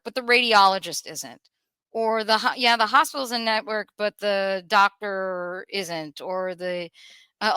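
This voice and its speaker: A woman telling a painful personal story in an emotional, earnest way, pausing and restarting as she holds back tears. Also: mid-range voice, sharp tone, clean tone, dry recording. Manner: earnest, halting, with restarts and pauses. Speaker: podcast guest sharing a personal story.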